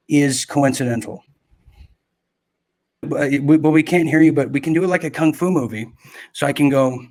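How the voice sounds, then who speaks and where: A man's voice: mid-range voice, fairly even intonation, moderate pace, a little mellow. A man hosting a live political commentary show, rambling through stories with mocking asides and self-corrections.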